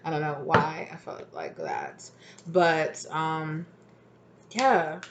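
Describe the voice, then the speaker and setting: A woman's voice: deep voice, sing-song, slow, very noisy. A woman giving a casual, rambling tarot reading at home, full of fillers. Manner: chatty, rambling, many fillers. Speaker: tarot reader.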